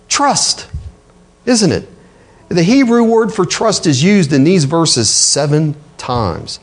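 A man's voice: sits high, very animated, a little slow. A male pastor preaching a sermon in a conversational way, often asking the congregation rhetorical questions.

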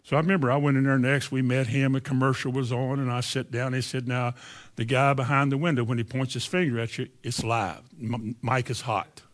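A man's voice: mid-range voice, fairly even intonation, fairly quick. A man preaching a sermon, telling a personal story and stammering now and then.

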